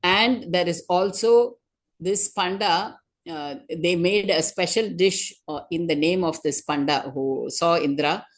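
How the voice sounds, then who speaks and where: A woman's voice: lowish voice, a little slow. A woman giving a religious class, retelling a sacred story in a conversational way, with many "you know" and "uh" fillers. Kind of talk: storytelling talk.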